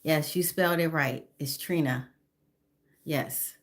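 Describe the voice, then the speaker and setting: A woman's voice: deep voice, slow. A woman in her fifties chatting on a phone live stream, greeting viewers by name and apologizing now and then. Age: 50s. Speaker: livestreamer.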